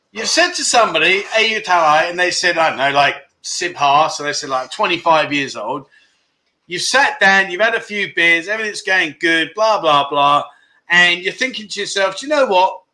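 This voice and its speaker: A man chats on a casual livestream and reads out viewer comments. He jokes and teases as he goes, in a high, bright voice that rings clearly. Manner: jokey, teasing viewers, laughs often. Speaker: livestream host.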